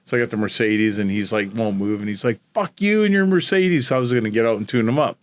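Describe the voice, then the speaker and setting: A man's voice: fairly low pitch, little pitch movement, fast, no echo. Blunt, swearing man telling a fight story. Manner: blunt, swears constantly, acts out the voices in his stories. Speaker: guest, former hockey enforcer. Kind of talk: profane storytelling.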